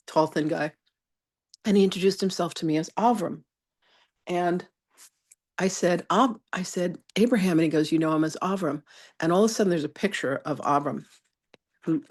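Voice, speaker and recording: Chatty woman telling a spiritual story. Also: deep voice. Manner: animated, chatty, addresses students by name. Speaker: spiritual teacher. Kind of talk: live online masterclass storytelling.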